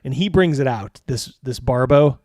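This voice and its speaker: A man's voice: medium pitch, moderate pace, darkish tone, dry recording, clean studio sound. A man narrating as game master, rambling with many fillers and chuckles.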